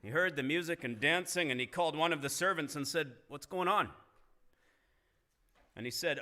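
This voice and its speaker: Bright-voiced male pastor preaching. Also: mid-range voice, moderate pace, long pauses. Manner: earnest preaching, rising emphasis in retold dialogue. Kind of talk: sermon. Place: church sanctuary.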